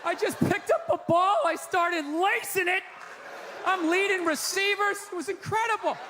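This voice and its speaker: A man's voice: extremely high pitch, normal speed, bright, forceful tone, pitched above the performer's own voice. A man voicing a giddy woman who bragged her way from athlete's wife to star player, speaking in a breathless, bragging way, in a live show hall with crowd noise behind.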